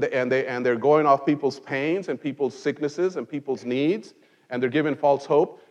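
A man's voice: on the high side, a little mellow, long reverb tail, dull audio. A man who grew up in Mexico, preaching a conversational sermon from a pulpit in church and mixing in wry jokes. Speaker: pastor.

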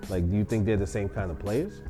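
A man with a Puerto Rican accent co-hosting a radio talk show, easygoing and halting, with many fillers. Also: on the low side, music in the background. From Puerto Rico. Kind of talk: casual banter on a radio show.

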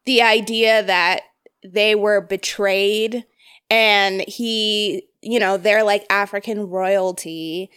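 Slow-talking joking young woman. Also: mid-range voice, smooth. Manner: animated, joking, swears freely, laughs often. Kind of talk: casual movie review chat.

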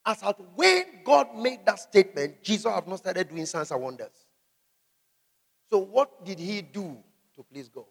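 High-voiced preacher man in a hall. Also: sing-song, a little slow, creaky. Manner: emphatic call-and-response preaching, shouting scripture. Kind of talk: sermon.

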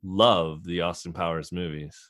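A man co-hosting a podcast, chatting in a relaxed way. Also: sits low, normal speed, no echo, clean studio sound. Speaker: podcast co-host. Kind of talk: casual chat.

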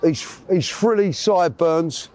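A man's voice: fairly high pitch, expressive, slow, noisy background. A man, telling a long story as an interview guest in a rambling, chatty way, correcting himself as he goes. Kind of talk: casual storytelling.

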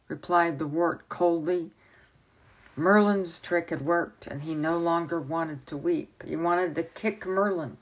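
Female storyteller, unhurried read-aloud narration, lower pitch. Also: low-quality recording. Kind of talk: reading a novel aloud.

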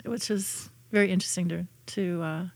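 A woman's voice: on the low side, steady tone, fairly quick, dry recording. A woman telling personal stories in a casual chat, with many fillers and restarts.

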